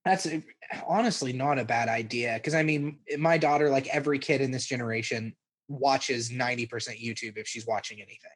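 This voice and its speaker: A man's voice: mid-range voice, brisk. A man in his thirties co-hosting a podcast, rambling in an easygoing way with chuckles. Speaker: podcast co-host. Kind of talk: casual banter.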